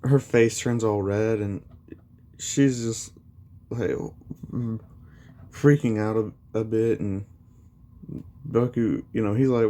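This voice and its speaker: A man's voice: on the low side, steady tone, takes it slowly, pauses often, dark tone. A man casually retelling a fan story, rambling with many fillers.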